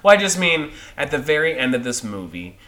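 Low-voiced, animated, profane woman. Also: a little fast. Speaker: podcast co-host. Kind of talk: casual chat.

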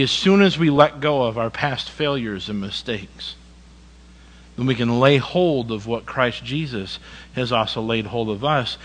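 A man's voice: mid-range voice, long reverb tail, low-quality recording. A man preaching a sermon in a church, with emphatic repetition and direct questions to the congregation. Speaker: pastor.

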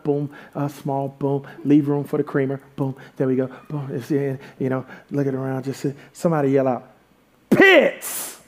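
A man's voice: a little high, mellow. A man preaching a sermon, switching between easy, joking asides to the congregation and raised, emphatic calls. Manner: conversational, humorous asides to the congregation. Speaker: pastor.

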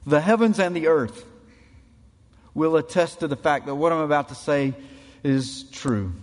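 Slow-preaching man in a reverberant hall. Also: on the high side. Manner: dramatic, acts out quoted voices of God and people. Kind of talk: sermon.

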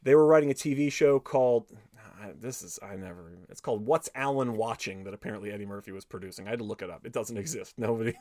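A man hosting a podcast, reading an interview aloud with animated, profane storytelling and cutting in with his own comments. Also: lowish voice, fast, dry recording, clean studio sound. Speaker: podcast host.

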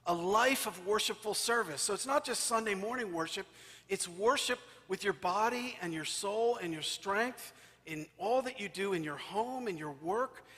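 A man's voice: sits high, moderate pace, bright, forceful tone, breathy edge. A man, a priest, preaching a sermon in a church. He is emphatic and repeats phrases for rhythm. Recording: long church reverb.

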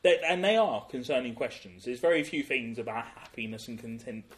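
A man's voice: medium pitch, animated, brisk. Self-deprecating man cohosting a chat show. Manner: self-deprecating, laughs through his stories. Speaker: podcast co-host. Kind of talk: casual comedic chat.

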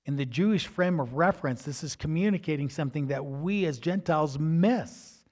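A male preacher with a high voice teaches from scripture at an unhurried pace. He drives home his key words with emphasis and breaks off for quick asides to his listeners. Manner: emphatic, rises in pitch to stress key words; asides to the congregation, asks "right?". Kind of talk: sermon teaching.

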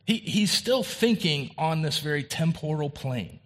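A male pastor preaching a sermon in a conversational way, acting out quoted dialogue and rising in pitch for emphasis. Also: expressive, a little slow.

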